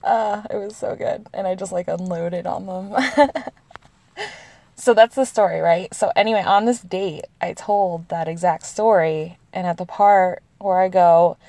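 A woman's voice: mid-range voice, unhurried, dark tone, no echo. A woman in her thirties from the United States, telling personal stories casually with frequent laughter and many "like"s. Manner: chatty, laughs often, heavy use of "like". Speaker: storyteller answering questions. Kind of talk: casual confessional storytelling.

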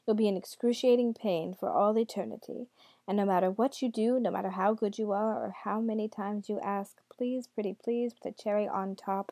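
A woman reads out a smug, sneering devil, a man, cool and mocking in his storybook scene. The voice is dark and mellow, and there is no room sound around it. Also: medium pitch, no room sound, lightly acted.

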